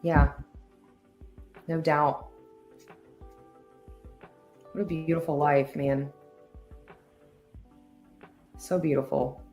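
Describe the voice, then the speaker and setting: Woman host, low-ish pitch, unhurried and heartfelt, faint music under her. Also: little pitch movement, darkish tone. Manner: emotional, earnest, many fillers and trailing pauses. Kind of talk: heartfelt casual talk show chat.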